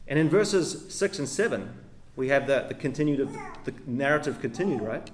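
A man's voice: a little high, a little fast, fairly bright tone. A man preaching a sermon, reading scripture aloud and then explaining it with emphatic delivery and frequent tag questions. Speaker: pastor.

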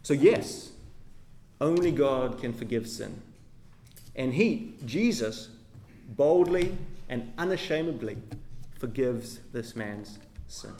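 A male pastor delivers a sermon, reading a passage aloud before explaining it. His voice sits a little high and moves with a lively, wide-ranging pitch. He speaks emphatically, stressing key words and checking in with the listeners. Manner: emphatic, rising and falling delivery with tag questions.

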